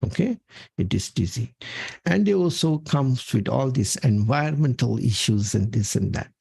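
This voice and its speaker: A man's voice: mid-range voice, expressive, moderate pace, vocal fry, darkish tone, husky, no echo. A man presenting a health talk from slides, emphatic and punctuating his points with "okay". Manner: emphatic, repeats "okay" often. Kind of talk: talking through slides.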